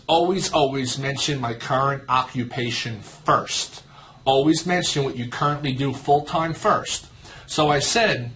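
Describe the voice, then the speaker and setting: A man in his thirties teaches a sales training session with plenty of energy. He tells a story and acts out both sides of the conversation. His voice sits at an ordinary pitch for a man. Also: fairly bright tone, slight background noise. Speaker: network marketing trainer.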